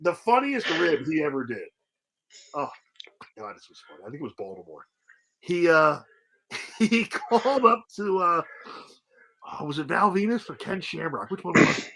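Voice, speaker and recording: A middle-aged man telling casual stories in an interview, animated, swearing freely and laughing often. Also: fairly high pitch, normal speed, vocal fry, pauses often, rough recording. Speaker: interview guest, former wrestler. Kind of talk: casual storytelling.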